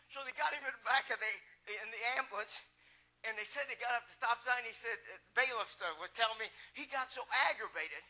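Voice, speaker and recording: A man preaching a sermon in an animated storytelling way, acting out the people in his stories. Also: very high voice, fast. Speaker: pastor.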